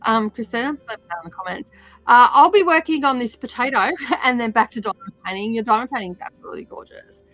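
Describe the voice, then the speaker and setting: A woman's voice: a little high, lively intonation, fast talker, fairly bright tone, soft background music, rough recording. A woman hosting a stitch-along livestream, chatting casually with many fillers and drifting from the mic while she sorts threads.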